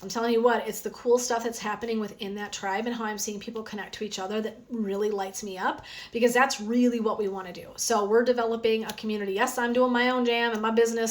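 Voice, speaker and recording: A woman wellness coach chatting energetically on a phone live stream, with a sore throat from talking. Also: mid-range voice. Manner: chatty and energetic, frequent "um" and "right?". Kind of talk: casual live stream chat.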